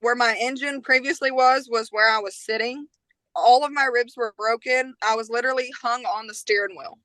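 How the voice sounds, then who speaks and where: A woman's voice: a little high, steady tone, moderate pace, fairly bright tone, dry recording, poor audio. A woman in her twenties, a podcast guest, tells a personal story in a casual, slangy way, acting out other people's lines.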